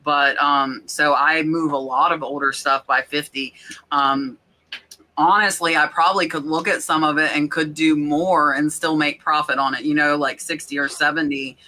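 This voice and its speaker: Woman, podcast host, chatty, filler-heavy, very bright forceful voice. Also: sits low, fairly even intonation, normal speed. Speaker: podcast host reading chat questions. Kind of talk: casual podcast chat.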